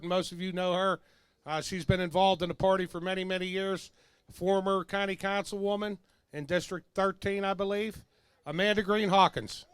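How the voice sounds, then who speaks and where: A man's voice: high-pitched, clean tone, no room sound. A man emceeing an outdoor party rally, joking casually and introducing speakers. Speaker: event emcee.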